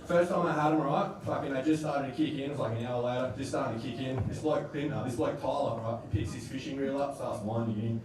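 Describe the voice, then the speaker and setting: A man's voice: medium pitch, quick pace, hardly any pauses. A man with an Australian accent doing a crude, rambling stand-up set about a night out with his mates. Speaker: stand-up comedian. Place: comedy club stage. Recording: echoey room, distant mic, noisy.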